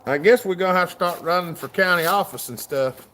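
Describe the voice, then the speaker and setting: Southern man, livestream host, folksy drawl, bit high voice, faint noise behind. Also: a little fast, pushed and bright. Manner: folksy, drawling, reads chat aloud. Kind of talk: casual livestream chat.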